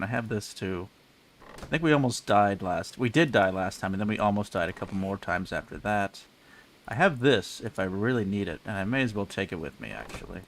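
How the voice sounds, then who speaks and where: Man, game streamer, casual live commentary, low, gravelly, chatty, self-mocking, desk mic with pop filter. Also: a bit bright, slight background noise. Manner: rambling, chatty, self-mocking, often laughing.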